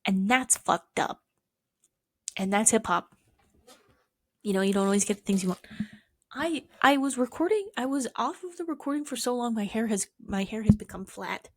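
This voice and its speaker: A woman's voice: on the high side, animated, moderate pace, pauses often, darkish tone, husky, no room sound. A young woman talking to camera in a casual, rambling monologue, swearing often and poking fun at herself. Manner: profane, rambling, self-mocking. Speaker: vlogger.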